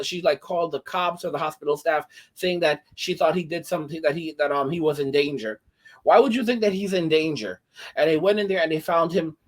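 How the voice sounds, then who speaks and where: A man with a high voice hosts a commentary channel and rants casually. He sounds indignant and rambles, restarting his sentences many times.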